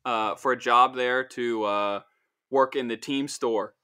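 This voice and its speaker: A young man hosts a laid-back podcast conversation. His voice is bright and pushed forward. He rambles through long stories, tossing in animated asides. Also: medium pitch, unhurried, clean tone. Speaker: podcast host. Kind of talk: casual chat.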